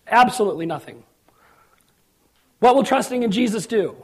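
Male pastor, middle-aged, husky voice, sermon storytelling, emphatic, high-pitched. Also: expressive, normal speed, pauses often, a little mellow. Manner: storytelling preacher, acts out quotes, rises to emphatic peaks.

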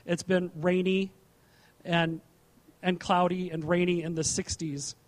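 A man's voice: sits high, level tone, measured pace. A middle-aged man, a pastor, preaching a conversational sermon, reading scripture aloud with asides and frequent restarts.

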